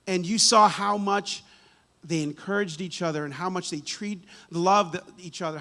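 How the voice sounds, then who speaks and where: A man's voice: high-pitched, fairly bright tone. A man preaching a church sermon in a casual, conversational way, often restarting words and checking in with "right?". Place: church sanctuary.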